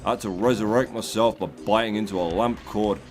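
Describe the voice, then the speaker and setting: A man's voice: fairly low pitch, fairly even intonation, fairly quick, faint music behind. An English man hosting a gaming video, delivering a sardonic, profane and rambling comic rant. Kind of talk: comic commentary over gameplay.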